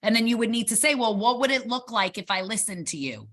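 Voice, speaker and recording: A woman guest in a casual interview, talking fast and acting out bits of dialogue as she tells her stories. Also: a little high. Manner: animated storyteller acting out dialogue. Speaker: boxing gym owner, guest.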